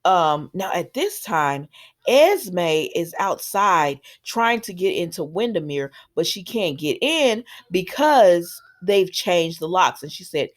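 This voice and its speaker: A woman's voice: on the low side, big pitch swings, takes it slowly. A young woman casually recapping a soap episode, chatty and opinionated, acting out the characters' lines as she goes. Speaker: soap opera recap vlogger.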